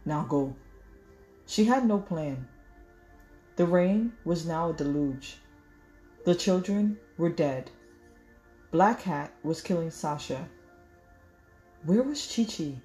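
Woman narrator, audiobook reading, low voice, unhurried, faint music behind. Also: lively intonation, dark tone. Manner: measured storytelling, small slips corrected. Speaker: audiobook reader. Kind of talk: reading a novel aloud.

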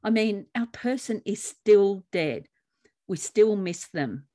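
A woman from Australia with an Australian accent, co-hosting a podcast, chatting gently and reading her own reflective writing aloud. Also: mid-range voice, animated, takes it slowly. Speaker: podcast co-host.

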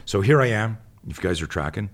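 A tactical instructor with a low voice and lively intonation talks fast in casual conversation. He tells a rambling story, wanders off on tangents, and acts out the people in it.

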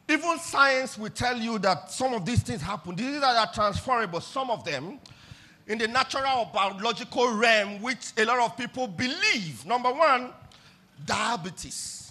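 Fervent pastor with a very high, bright voice. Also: male voice, big pitch swings, measured pace. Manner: fervent, leads congregation in call-and-response, bursts into shouts. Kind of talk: sermon. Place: church.

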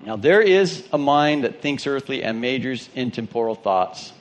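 A man's voice: medium pitch, expressive, normal speed. A male pastor with a Southern twang, reading scripture and preaching an emphatic sermon that asks questions of the congregation.

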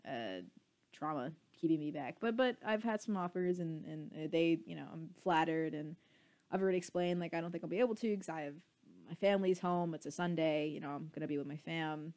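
A woman's voice: deep voice, fairly quick, darkish tone. Rambling young woman, podcast banter. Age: 20s. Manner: rambling, laughs often, self-deprecating. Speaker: podcast co-host. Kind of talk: casual chat.

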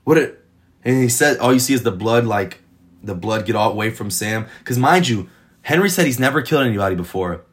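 A man casually reviewing a TV episode, retelling scenes in an excited, rambling way full of swearing. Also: lowish voice, a little fast. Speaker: TV show reviewer.

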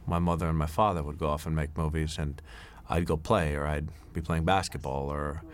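A man's voice: a bass voice, level tone, fairly quick, slight background noise. A middle-aged man giving a rambling film commentary as director, full of fillers and restarts. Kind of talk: DVD commentary.

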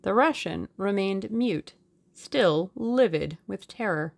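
A woman narrating an audiobook in a measured, steady storytelling way. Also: mid-range voice, creaky.

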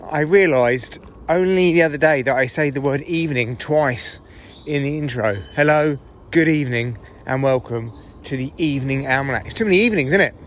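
A man's voice: medium pitch, brisk, a little hiss or hum. A man, a comedian, rambling through a casual solo podcast while walking his dogs in the woods. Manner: chatty, rambling, swears freely.

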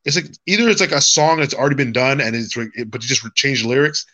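A man's voice: medium pitch, animated, fast talker, bright, forceful tone. A man co-hosting a podcast in casual chat, telling rambling stories full of restarts and swearing. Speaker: podcast co-host.

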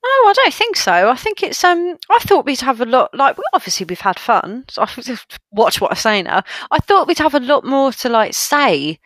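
A woman co-hosting a podcast, chatting about a film in an animated way, full of fillers like "you know" and "like". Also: sits high, moderate pace, hardly any pauses, dry recording. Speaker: podcast co-host. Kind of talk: casual film discussion.

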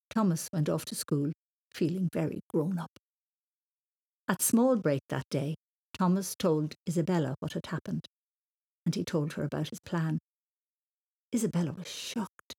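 Low, mellow woman reading a story. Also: a little slow, creaky, pauses often, slightly rough.

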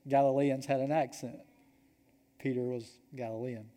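A Georgia-accented pastor preaching in a church sanctuary, his voice warm and mellow. He tells the story earnestly and sinks to a soft hush on the points that matter. A long hall reverb hangs on each phrase. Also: medium pitch, steady tone, moderate pace. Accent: Georgia, US Southern. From Georgia, United States. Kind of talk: sermon.

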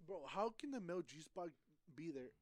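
A man's voice: a little high, sing-song, brisk. A young man in casual podcast chat, telling a profane story with lots of laughter and slang. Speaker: podcast co-host.

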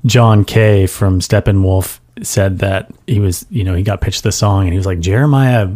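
A man's voice: sits low, little pitch movement, moderate pace, dark tone. A man on a casual film podcast, laid-back as he tells a piece of music trivia. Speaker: podcast co-host.

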